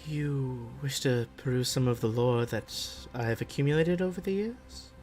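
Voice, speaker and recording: A man voicing an elegant, ancient female archmage in a breathy, gracious voice. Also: medium pitch, darkish tone, soft background music, close to an everyday voice. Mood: courteous. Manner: gracious, measured courtly speech.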